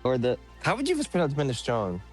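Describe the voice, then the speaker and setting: Man, schoolteacher, casual chat, medium pitch, storytelling, playful exaggeration. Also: wildly swooping pitch, fast, husky, faint music behind, low-quality recording. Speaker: school teacher.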